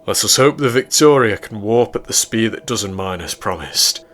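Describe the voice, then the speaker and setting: A man's voice: lowish voice, lively intonation, normal speed, a bit bright, faint music behind. A man doing a pompous, arrogant scientist. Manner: pompous, lecturing. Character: arrogant, self-important male scientist.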